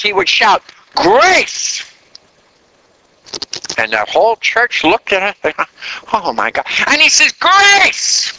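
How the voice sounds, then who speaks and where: A man preaching a sermon in an animated way, drawing call-and-response answers from the congregation. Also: high-pitched, a little hiss or hum, low-quality recording.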